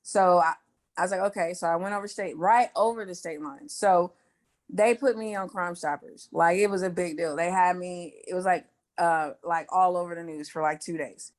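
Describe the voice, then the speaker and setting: A young woman from Indiana, a guest in an interview, telling her story candidly with plenty of swearing, fillers and quick asides. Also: on the low side, steady tone.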